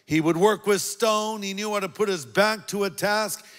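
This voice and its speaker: A man preaching a sermon as a pastor, earnest and deliberate, leaning on key words. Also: high-pitched, a bit bright, big-room sound, faint music behind.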